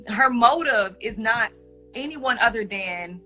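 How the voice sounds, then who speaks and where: A woman speaks firmly and with emphasis on a live stream, lecturing her viewers. Her voice is bright and forceful, with faint music in the background. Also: fairly high pitch, lively intonation, slow. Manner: assertive, emphatic and preachy. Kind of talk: casual chat on a social media live stream.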